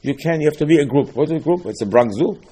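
Man, rabbi giving a Torah lesson, husky voice, lively rhetorical style. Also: on the high side, fast talker. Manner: animated, rhetorical questions, repeats phrases.

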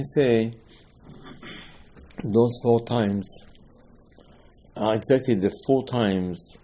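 A man's voice: mid-range voice, dark tone. A man giving a Torah lesson, asking rhetorical questions and mixing Hebrew terms into his English. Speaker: rabbi teaching a Torah class.

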